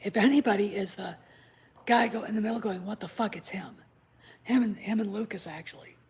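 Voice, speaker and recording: A woman's voice: medium pitch, brisk, a little mellow, breathy edge. A woman hosting a casual vlog, speaking bluntly with profanity and conspiratorial asides, at home. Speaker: channel host. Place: home with a puppy nearby.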